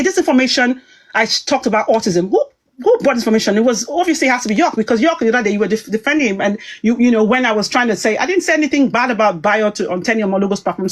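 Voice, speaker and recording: A middle-aged woman, telling a heated personal story as a talk show guest, emphatic and indignant, repeating herself. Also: on the high side.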